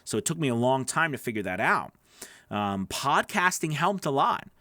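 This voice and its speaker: A man's voice: mid-range voice, big pitch swings, moderate pace, bright, forceful tone, no room sound. A man coaching voice actors on a live stream, chatty and encouraging as he answers viewer questions into a studio microphone. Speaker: voice-over coach.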